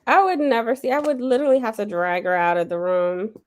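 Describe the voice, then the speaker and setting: A woman chatting casually on a livestream, telling relaxed stories between short agreeing replies. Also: on the high side, fast talker.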